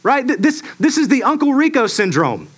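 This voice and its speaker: A man preaching a sermon to a congregation, emphatic and lively, asking the audience rhetorical questions. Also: very high voice, fairly quick, breathy edge. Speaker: pastor.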